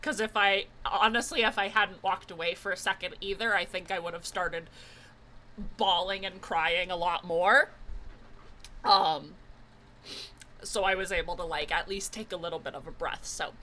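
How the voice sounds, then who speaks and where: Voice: medium pitch, steady tone, moderate pace, sharp tone. A young adult streamer chatting live with viewers while playing a game, effusive and talkative.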